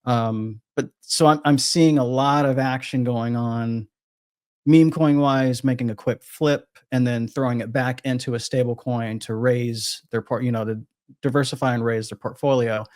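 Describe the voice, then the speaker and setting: A man in a casual podcast chat who drifts through his thoughts, often restarting and correcting himself. His voice sits in an ordinary middle pitch and is recorded dry and close. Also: steady tone, normal speed, darkish tone, no room sound. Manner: rambling, frequent restarts and self-corrections. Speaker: crypto trader guest.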